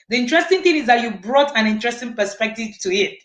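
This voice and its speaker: A woman's voice: fairly high pitch, normal speed, fairly bright tone. Reflective woman hosting, in an echoey room. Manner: reflective, affirming, with many hums of agreement. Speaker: host and moderator. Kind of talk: panel discussion.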